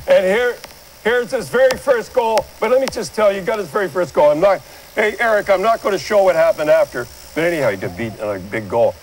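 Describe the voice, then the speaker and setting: A man's voice: high voice, a little hiss or hum, poor audio. An older man giving blunt, rambling hockey commentary and pointing viewers at replays in a studio. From Canada. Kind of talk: opinionated sports commentary.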